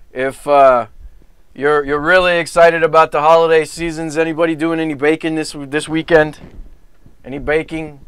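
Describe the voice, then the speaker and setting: Brash Bronx-accented crooner host. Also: male voice, fairly high pitch, a bit bright, clear, resonant tone, no echo. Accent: New York (Bronx). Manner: brash, wisecracking crooner patter. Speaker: lounge-singer host of a holiday variety show. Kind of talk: hammy stage banter between songs. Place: auditorium stage, live show.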